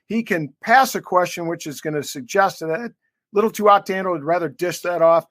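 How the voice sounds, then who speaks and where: Speaking fairly quickly in a high, slightly bright voice, the sports podcast co-host jokes and wanders off track, leaning heavily on fillers during the interview. The studio recording is clean, with no room sound.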